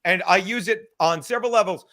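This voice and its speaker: A man's voice: high-pitched, sharp tone. A man hosting a podcast, ranting heatedly with lots of swearing and rambling restarts. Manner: profane, heated, rapid rambling. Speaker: podcast host. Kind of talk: casual podcast rant.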